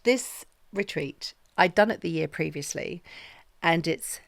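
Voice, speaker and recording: Low, gravelly woman telling stories. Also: measured pace, dry recording, clean studio sound. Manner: candid, swears freely, acts out quoted dialogue. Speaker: podcast guest. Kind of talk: casual storytelling chat.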